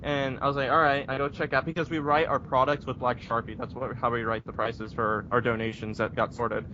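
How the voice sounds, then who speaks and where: A man's voice: little pitch movement, a little fast. A young man co-hosting a podcast, telling a casual, swearing anecdote about a customer at work. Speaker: podcast co-host. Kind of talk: casual storytelling. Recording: dull lo-fi with faint rumble.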